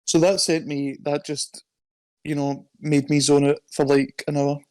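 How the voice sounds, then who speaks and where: A man's voice: on the high side, flat delivery, unhurried, a little mellow, no room sound. A man co-hosting a casual podcast, easygoing, cracking dry jokes and giving lots of listening noises. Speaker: podcast co-host. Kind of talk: casual chat.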